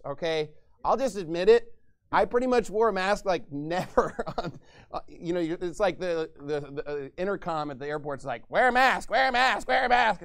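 A man preaching a sermon as pastor, ranting and mocking others in put-on voices. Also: high-pitched.

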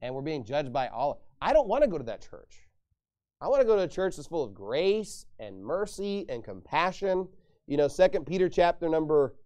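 A man preaching a sermon as pastor, emphatic, getting loud on his sarcastic points. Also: a little high.

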